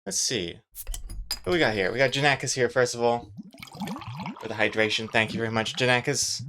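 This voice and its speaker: Speaking a little fast with a sharp tone, this man has a mid-range voice, and the recording carries a bit of hiss or hum. He's a webcomic artist casually chatting on a live stream while working on his comic, rambling and joking with many fillers.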